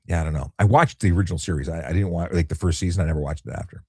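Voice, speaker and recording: Male cop host, deep mellow voice, laid-back live Q&A, dry close sound. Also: rapid-fire, husky, no room sound. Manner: easygoing, often repeats words when restarting. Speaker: traffic cop and livestream host. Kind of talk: relaxed late-night live chat answering viewer questions.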